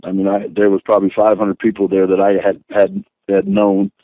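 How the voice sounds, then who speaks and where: Older male guest, deep-ish voice, rambling storyteller on a tinny phone line. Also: a little fast, dry recording. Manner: rambling, animated anecdotes with many restarts. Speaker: guest, former wrestler. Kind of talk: storytelling interview.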